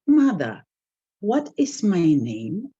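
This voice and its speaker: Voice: medium pitch, wildly swooping pitch, extremely slow, warm tone, husky, voice pushed up, heavily acted. A storyteller voicing a brave, determined newborn boy hero who speaks in earnest, resolute declarations. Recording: dull lo-fi recording.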